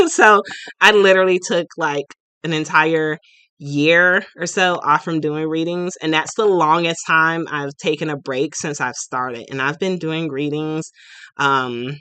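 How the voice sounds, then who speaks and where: Bright-voiced woman in her late thirties, chatty. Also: sits low, no echo. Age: late 30s. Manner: chatty and goofy, laughs often. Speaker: livestream host and shop owner. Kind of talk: casual live-stream chat.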